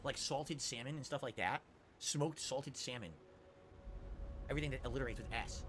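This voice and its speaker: A man streaming live, answering chat questions with quick, opinionated rants. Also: mid-range voice, over loud music. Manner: rapid, opinionated ranting. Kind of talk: livestream chat reply.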